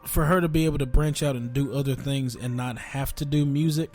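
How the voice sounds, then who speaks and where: A man's voice: medium pitch, steady tone, a little fast, a little mellow, soft background music. A man co-hosting a casual podcast, chatty and laughing often as he tells stories. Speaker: podcast co-host. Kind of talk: casual chat.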